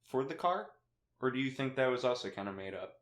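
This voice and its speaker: A man's voice: medium pitch, expressive, brisk, roomy sound. A young man hosting a casual film podcast, laughing often and briefly mimicking characters in silly voices. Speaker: podcast host.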